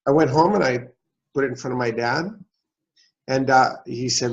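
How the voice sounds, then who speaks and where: A man's voice: mid-range voice, normal speed, pauses often. A man in his sixties, a guest telling a personal story in an interview and acting out the dialogue in it. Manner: animated storyteller, acts out dialogue. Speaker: guest, real estate investor. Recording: dull, slightly lo-fi sound.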